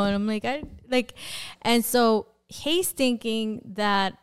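Smooth-voiced young woman telling her story. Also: fairly high pitch, takes it slowly. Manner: animated storyteller who acts out quoted dialogue and fills with "like". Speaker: podcast guest. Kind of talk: personal testimony in a conversational interview.

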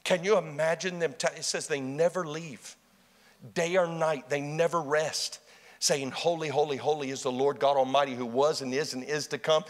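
A man preaching a sermon, swinging from hushed, intimate passages to loud, shouted exclamations. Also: fairly high pitch, fairly even intonation, normal speed, big-room sound.

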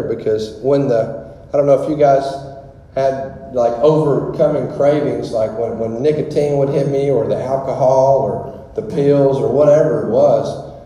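A man's voice: mid-range voice, warm tone. A man preaching a casual, rambling testimony sermon full of fillers. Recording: very echoey hall with long reverb.

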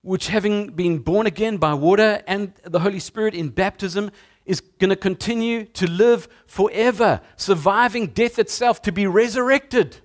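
A man's voice: sits high, normal speed. A male pastor preaching a sermon in a conversational way to his congregation in a church. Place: church sanctuary.

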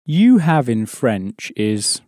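A man's voice: mid-range voice, big pitch swings, slow pace, mellow, dry recording, clean studio sound. A man teaching an audio language course, patiently explaining and prompting the learner to answer.

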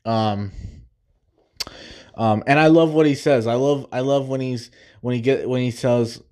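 A man's voice: medium pitch, fairly even intonation, a little slow, pauses often, a little mellow. Enthusiastic man hosting a podcast. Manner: enthusiastic, repetitive restarts, acts out quotes. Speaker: podcast host. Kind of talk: casual solo podcast review.

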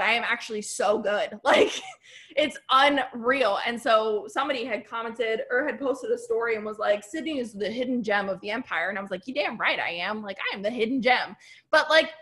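A woman's voice: a little high, a bit bright. A woman coaching her team on a video call, bubbly and chatty, full of "like" and "right?". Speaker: business coach.

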